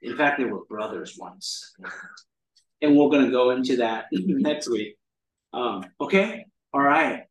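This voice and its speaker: Animated man teaching in a roomy space. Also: mid-range voice, unhurried. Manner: rambling, with many ums and restarts. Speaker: Bible study leader. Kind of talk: casual teaching. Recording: roomy sound from a distant mic.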